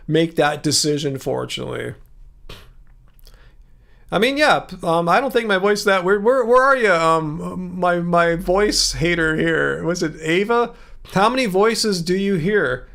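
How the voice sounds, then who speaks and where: A man from Southern California with a laid-back SoCal accent, hosting a casual livestream and answering chat with a loose, filler-heavy delivery and lots of emphasis. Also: vocal fry. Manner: lively pitch swings, emphasizes words by jumping up. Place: room with musical instruments.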